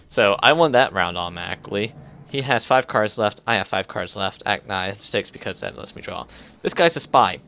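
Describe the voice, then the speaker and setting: A man streaming a card game live, thinking aloud in halting starts while his voice grows strained. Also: lowish voice, lively intonation, sharp tone, faint music behind. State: strained, fading voice. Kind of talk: casual live gameplay commentary.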